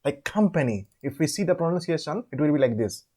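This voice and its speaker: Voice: mid-range voice, fast talker, warm tone. A tutor explaining an assignment, repeating words to demonstrate pronunciation and restating points for emphasis.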